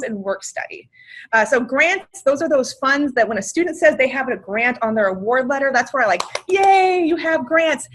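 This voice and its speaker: Presenting a financial aid webinar, this woman from Washington state has a high voice with a fairly bright tone. Her delivery is chatty, upbeat and enthusiastic, sprinkled with filler words, as fits her outreach role.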